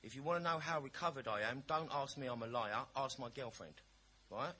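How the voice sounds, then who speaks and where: At a recovery meeting, a man gives a personal share in a bright, forceful voice of average pitch, talking briskly. He tells his story bluntly, with cheeky humour and a chatty storytelling style, over a faint background hiss.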